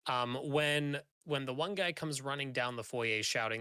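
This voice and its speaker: A man runs a tabletop game as game master, and his narration is halting and full of ums and restarts. His voice is medium-pitched and bright. The sound is dry and close. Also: clear, resonant tone, no room sound.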